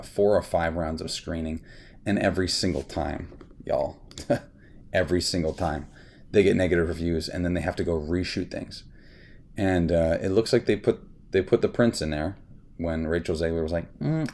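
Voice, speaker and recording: A man hosting a casual movie reaction video, talking in an animated, ranting way and often saying y'all. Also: low voice, gravelly, a little hiss or hum. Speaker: film reviewer and channel host.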